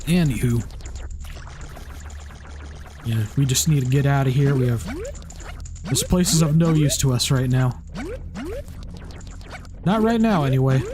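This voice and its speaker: A man's voice: medium pitch, moderate pace, pauses often, background noise. A man giving casual let's play commentary, rambling with many restarts and fillers. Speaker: gameplay commentator. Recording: game music playing behind.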